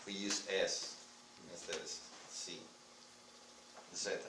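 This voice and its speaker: A man, a student joining in with slow, halting remarks. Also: low voice, flat delivery, noisy background. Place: classroom. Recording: echoey classroom from far off.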